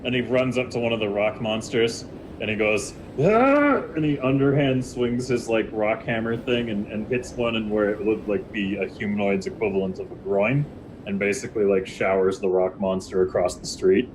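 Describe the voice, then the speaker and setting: A man's voice: lowish voice, steady tone, normal speed, background noise. A man narrating a tabletop game as game master, telling the scene loosely and rambling over voice chat.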